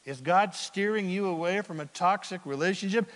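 A man preaching a sermon as pastor, swinging from loud bursts to hushed asides. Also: high-pitched, very animated, unhurried, few pauses, big-room sound.

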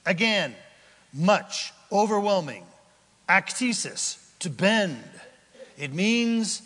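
A man preaching a sermon in a high voice, taking his time over each phrase. He swings from loud, emphatic declarations down to hushed, almost whispered lines. The sound rings with long reverb from a large church hall. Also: sing-song, slow pace. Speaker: pastor.

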